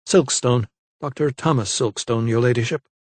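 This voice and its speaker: Audiobook: teasing young gentleman doctor, voiced by the male narrator, plain mid voice, dry recording. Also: medium pitch, moderate pace, no room sound, lightly acted. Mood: teasing, courteous. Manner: teasing, wry, courteous. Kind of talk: audiobook character voice.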